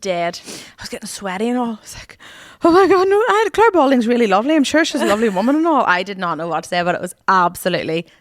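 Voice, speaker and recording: A woman, co-hosting a podcast and telling stories in excitable casual chat. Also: medium pitch, very fast, few pauses, no echo, clean studio sound. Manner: chatty, excitable storyteller. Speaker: podcast co-host.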